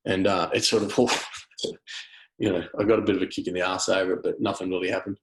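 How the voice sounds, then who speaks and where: A man's voice: low voice, flat delivery, fairly quick, rough recording. An Australian man, a special forces veteran, telling combat stories in a blunt, matter-of-fact way with some swearing. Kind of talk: casual storytelling interview.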